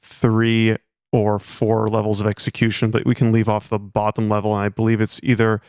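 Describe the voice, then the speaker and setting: A man's voice: on the low side, completely flat delivery, normal speed, a little mellow, smooth, no echo, clean studio sound. A young man hosting a podcast who explains details in a careful, precise way. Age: young adult. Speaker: podcast host. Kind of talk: casual podcast chat.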